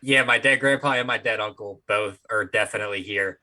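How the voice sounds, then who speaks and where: A man with a bright, forceful voice co-hosts a casual comedy podcast. He keeps things laid-back and slips in dry wisecracks. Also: fairly low pitch, a little fast. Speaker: podcast co-host.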